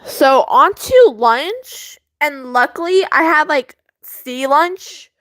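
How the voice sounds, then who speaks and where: Teen girl vlogger, high-pitched, slow rambling delivery, giggly. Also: expressive, fairly bright tone, dry recording. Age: teens. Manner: rambling, giggly, lots of fillers. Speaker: student vlogger. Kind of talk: casual chat. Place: bedroom at home.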